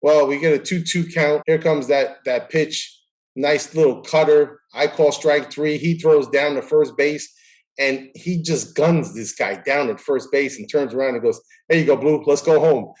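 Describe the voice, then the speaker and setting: A man's voice: a little high, measured pace, low-quality recording. A man hosting a casual interview, telling stories animatedly and acting out the dialogue. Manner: animated storyteller who acts out dialogue. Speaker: host.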